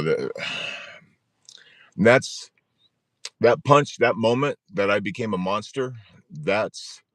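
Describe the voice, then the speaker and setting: A man in his forties with a low voice hosts a live-streamed support talk. He is earnest and repeats himself for emphasis, with frequent little chuckles. The sound is dry and close. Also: fairly bright tone, dry recording. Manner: earnest, repetitive, chuckles often. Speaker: support group host.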